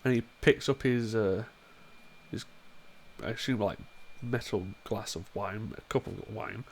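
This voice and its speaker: A man playing a tabletop game, talking in a relaxed, joking way. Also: fairly low pitch, a little slow, a little hiss or hum. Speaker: player. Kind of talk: casual chat and in-game narration.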